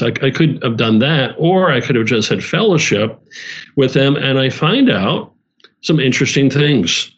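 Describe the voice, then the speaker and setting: A man at a mid pitch who leads a small church talks earnestly in a relaxed conversation. He often restarts and repeats his phrases. The recording sounds slightly dull and lo-fi. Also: moderate pace. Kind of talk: casual conversation.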